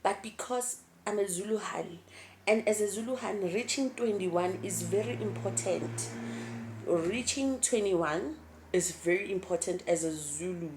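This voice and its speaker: A young woman, chatting candidly to her camera as a vlogger, swinging between laughter and low, emotional tones. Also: a little slow, darkish tone, a little hiss or hum. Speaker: YouTube vlogger. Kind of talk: casual chat to camera.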